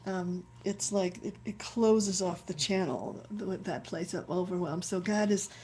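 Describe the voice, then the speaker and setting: Woman rabbi, reflective teaching over a video call; relaxed dark tone, faint hiss behind. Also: fairly low pitch, unhurried. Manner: searching, repeats words as she thinks aloud. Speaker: rabbi leading a chant session.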